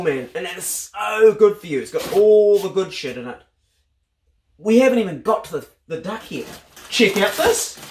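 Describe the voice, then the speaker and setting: Excitable New Zealand man vlogging. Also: high voice, reverberant. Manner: excitable, swears freely, bursts into loud exclamations. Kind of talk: casual vlog unboxing.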